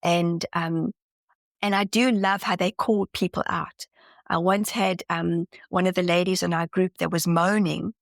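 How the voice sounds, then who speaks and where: Her voice sits on the low side, with little pitch movement, an unhurried pace, and vocal fry. She's a spiritual channeler being casually interviewed on a podcast, eager and sincere, often starting her sentences over, in a dry, studio-quality recording.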